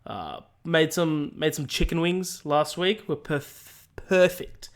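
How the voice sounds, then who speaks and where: A man's voice: a little high, slow pace. A man hosting a podcast in a loose, jokey way, swearing freely. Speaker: podcast host. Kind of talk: casual chat.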